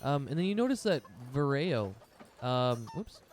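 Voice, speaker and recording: A man's voice: mid-range voice, big pitch swings, unhurried, darkish tone, slight background noise. A man narrating as game master of a tabletop game, rambling loosely with many fillers.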